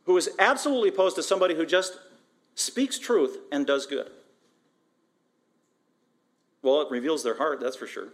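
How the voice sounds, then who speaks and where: Emphatic pastor preaching with a higher voice. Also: male voice, fast talker. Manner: emphatic, animated, with frequent repetition; asks rhetorical questions. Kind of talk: expository sermon.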